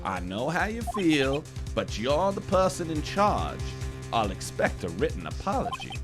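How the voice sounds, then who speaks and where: Guy doing a sly southern police chief, slow deliberate drawl pitched up high and bouncy, game music under it. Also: wildly swooping pitch. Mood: menacing. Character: sinister smooth-talking older male police chief.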